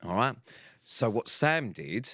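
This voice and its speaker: A man's voice: mid-range voice, big pitch swings, slow pace, sharp tone, no room sound. A man co-hosting a podcast, teasing his friend in a dry manner and swearing freely. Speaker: podcast co-host. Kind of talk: teasing casual chat.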